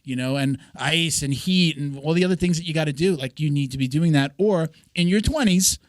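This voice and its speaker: A man in his forties, a podcast host and coach, talking in a relaxed, rambling and self-deprecating way. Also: on the high side, a little fast, dry recording, clean studio sound. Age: 40s. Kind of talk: casual podcast conversation.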